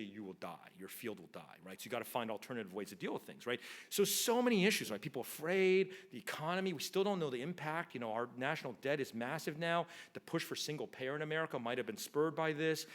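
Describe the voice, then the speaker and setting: A man's voice: medium pitch, a bit bright. A man, a spine surgeon, giving a conference lecture in a conversational way, telling stories and ending many sentences with "right?". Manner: conversational, tags nearly every point with "right?", acts out quoted dialogue. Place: lecture hall.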